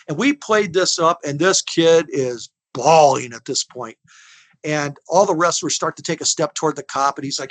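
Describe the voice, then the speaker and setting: Speaking at a fairly high pitch and moderate pace, with no echo, this sixtyish interview guest is an animated, folksy storyteller. He rambles, restarts, laughs, and performs other people's lines in casual storytelling.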